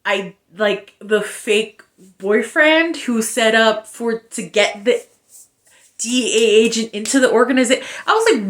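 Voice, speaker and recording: At a moderate pace and a fairly high pitch, a woman gives a casual spoken review of a book. She is animated and sarcastic, adding exasperated asides and the occasional curse.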